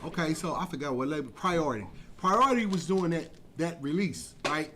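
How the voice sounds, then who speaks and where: A man tells a rambling, profane story in casual talk, swinging from loud animated bursts to quiet asides. His voice sits a bit high for a man. Faint background noise runs under the recording. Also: fairly quick. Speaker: podcast guest telling a story.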